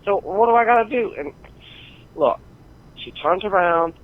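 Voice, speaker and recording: A man's voice: high-pitched, expressive, normal speed. A man voicing a crude, foul-mouthed male gamer who rants in a profane, rambling way, heard over a phone-line recording. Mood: ranting. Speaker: listener calling in. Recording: tinny phone-line voicemail.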